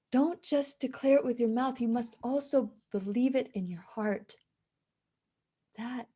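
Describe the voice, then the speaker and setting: A woman's voice: on the high side, dark tone, slightly rough. A woman in her fifties with a slight lisp, hosting a faith-based live talk show, telling earnest stories and reading viewer comments with frequent restarts. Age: 50s. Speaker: radio show host.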